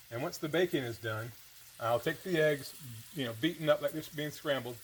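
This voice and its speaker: There's a little hiss or hum behind this man's mid-range voice as he hosts a casual home-kitchen cooking vlog. The diet vlogger explains how to make things in a folksy, chatty style, sometimes eating as he talks.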